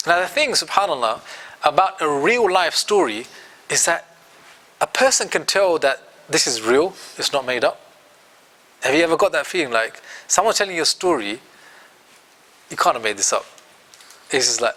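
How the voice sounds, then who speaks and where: A man with a British accent teaching an Islamic studies class, telling a story in an animated way and acting out its dialogue. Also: a little high, moderate pace. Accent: British English.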